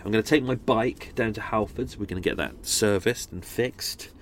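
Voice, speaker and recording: A man's voice: medium pitch, brisk, few pauses, a little hiss or hum. A man hosting a true crime podcast, rambling casually with many fillers and restarts. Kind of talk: casual chatty outro.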